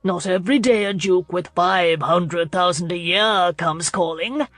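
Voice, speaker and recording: A woman's voice: mid-range voice, a little slow, no echo, close to an everyday voice. A woman narrator voicing a cheerful, rotund old lord who talks in a jovial, chortling way.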